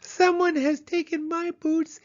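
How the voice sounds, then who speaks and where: A man doing a squeaky little bear cub girl. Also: level tone, a little slow, highs cut off. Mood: upset. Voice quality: high squeaky.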